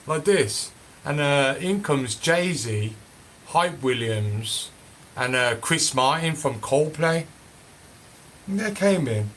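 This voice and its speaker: A man's voice: a little high, lively intonation, slow, fairly bright tone, slight background noise. A man telling a casual, rambling story full of fillers and restarts. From Birmingham, England. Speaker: cannabis seed breeder telling a story.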